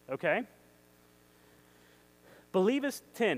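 Excitable high-voiced male preacher. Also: normal speed, poor audio. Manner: excitable, emphatic, asks the audience questions. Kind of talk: sermon with scripture reading.

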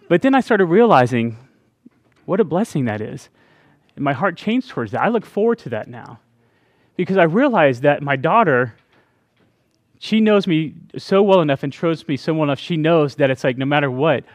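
With a voice on the high side, this middle-aged pastor delivers an expressive, conversational sermon at a moderate pace. He chats with the congregation, laughs through asides, and keeps asking "right?"; the recording is dry and studio quality.

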